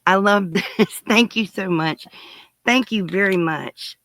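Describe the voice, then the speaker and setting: Speaking slowly in a mid-range, fairly bright voice, a woman unboxes parcels from viewers of her crafting channel. She thinks aloud as she goes, gushing and giggling a lot in this casual chat. The recording is dry and rough.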